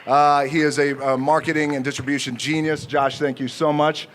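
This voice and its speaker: A man in his forties giving an unscripted acceptance speech at an outdoor ceremony, joking and pausing often with fillers. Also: on the high side, flat delivery, a bit bright, a little hiss or hum. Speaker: speaker at an outdoor honor ceremony.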